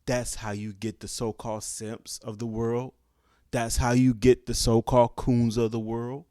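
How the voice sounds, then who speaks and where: A man's voice: mid-range voice, level tone, unhurried, warm tone, clear, resonant tone, dry recording, studio quality. A young man giving a passionate, preachy opinion commentary, often asking "guess what?" to drive his point home. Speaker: commentary vlogger.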